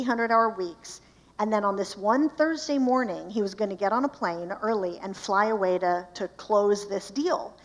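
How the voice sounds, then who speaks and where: A woman speaking at a church marriage conference, telling a story with animation and asking the audience questions. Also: medium pitch. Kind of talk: storytelling talk to a live audience.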